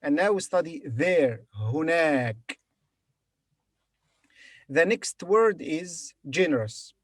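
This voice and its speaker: A man's voice: high-pitched, dry recording, studio quality. A man teaching Arabic to beginners, patiently sounding out each word and repeating it for his learners. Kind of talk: beginner language lesson.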